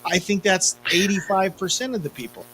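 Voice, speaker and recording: A man's voice: high voice, brisk, sharp tone, a little hiss or hum, poor audio. A man in his fifties co-hosting a podcast in casual chat, telling self-deprecating stories. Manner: chatty storyteller, self-deprecating. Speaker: podcast co-host.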